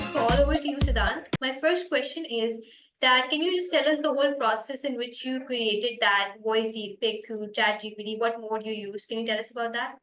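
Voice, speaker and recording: A woman hosting a podcast interview, reading an upbeat welcome and then asking casual questions. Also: on the high side. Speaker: podcast host. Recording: echoey room with faint music.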